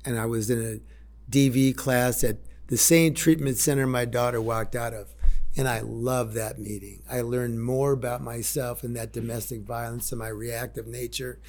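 Gravelly middle-aged man telling his story. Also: medium pitch, fairly even intonation, normal speed, darkish tone. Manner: blunt, raw storytelling with swearing and reenacted quotes. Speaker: speaker sharing a recovery story. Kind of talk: candid personal testimony.

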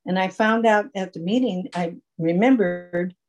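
A woman's voice: on the low side, unhurried, low-quality recording. A woman telling a long personal story at a support group meeting over a video call, rambling and full of fillers. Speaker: recovery meeting speaker.

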